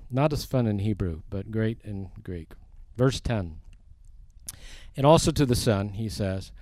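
A dry recording captures a preacher whose voice is fairly low and a little mellow. He teaches his sermon verse by verse at a slow, deliberate pace, reading scripture aloud and rising for emphasis whenever he quotes it.

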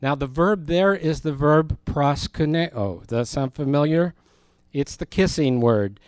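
A man's voice: fairly high pitch, measured pace, a little mellow, smooth, dry recording. Conversational male Bible teacher, dry sound. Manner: conversational, explains words, asks the audience questions.

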